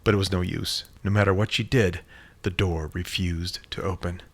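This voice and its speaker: A man reading a horror story in a measured, dramatic storytelling manner. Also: low-pitched, steady tone. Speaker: narrator. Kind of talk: scripted horror story narration.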